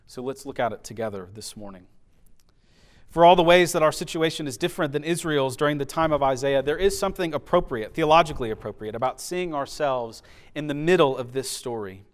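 A man preaching a sermon, swinging from loud declarations down to hushed, soft emphasis, with rhythmic repeated phrases. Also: a little high, expressive, fairly quick. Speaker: pastor.

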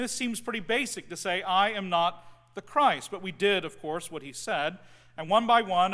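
A man in his forties preaches in a relaxed, conversational way, dotted with ums, letting his phrases drop away softly at the ends. His voice is bright and forward, sitting a little high for a man, and it rings out with a long hall reverb. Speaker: pastor. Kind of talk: sermon.

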